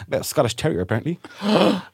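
A man co-hosting a comedy podcast, telling stories in an excitable, animated way with bursts of laughter. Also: fairly high pitch, fairly quick, creaky, slightly rough, no room sound, studio quality. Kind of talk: casual chat.

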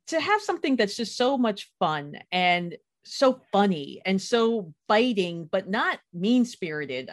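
A chatty woman hosting a relaxed conversation, talking with bubbly enthusiasm and laughing often as she goes. Her voice sits at an ordinary middle pitch. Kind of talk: casual chat.

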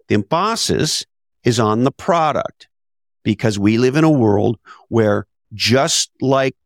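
In this conversational interview, an author and business advisor appears as a podcast guest, his medium-pitched voice captured cleanly in the studio without any room sound. He's blunt and emphatic, leaning on rhetorical questions and swearing casually.

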